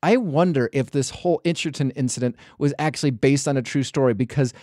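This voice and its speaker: A man's voice: mid-range voice, a little fast, mellow, no echo, studio quality. A man hosting a podcast, chatting casually in a rambling way, full of restarts and hedges. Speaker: podcast host.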